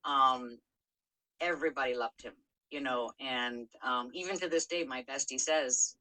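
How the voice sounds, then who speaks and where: Podcast host, middle-aged woman, low pitch and a bright, forceful tone, frank and profane in her storytelling. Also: measured pace, poor audio. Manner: frank, swears freely, many fillers and restarts. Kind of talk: candid personal storytelling.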